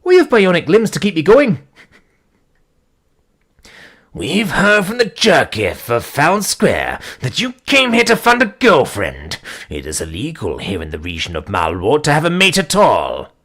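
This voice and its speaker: A stiff, officious cyborg guard from a storybook. A man voices him, lurching between high and low notes. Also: huge pitch swings, measured pace, fairly bright tone, heavily acted. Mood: stern.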